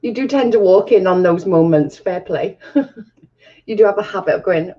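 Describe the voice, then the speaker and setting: A woman with a lower-leaning voice and a moderate pace hosts a casual livestream from home with her camera off, chatting with viewers and laughing often. The stream audio is dull and lo-fi.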